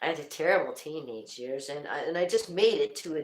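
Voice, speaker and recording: An older woman hosting a casual livestream chats with viewers in a low-sitting voice, her intonation lively and her pace fairly quick. She rambles, laughs often and restarts many times, and the room around her is echoey.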